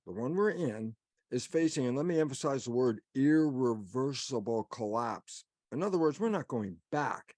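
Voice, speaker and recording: A man's voice: a little high, a little mellow, dry recording, studio quality. A man giving an emphatic webinar talk, putting questions to himself and answering them. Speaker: guest speaker.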